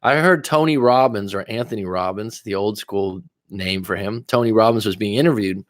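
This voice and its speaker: A man's voice: on the low side, normal speed, no room sound, clean studio sound. A man, a coach, talking casually and reflectively to viewers on a livestream, wandering into asides as he thinks aloud. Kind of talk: livestream monologue.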